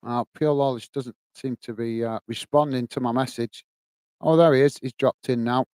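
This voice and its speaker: Chatty man with a smooth voice. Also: medium pitch, fairly even intonation, normal speed, darkish tone, dry recording. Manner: chatty, addresses viewers as mate; reads out chat comments. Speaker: livestream host. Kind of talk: casual livestream chat.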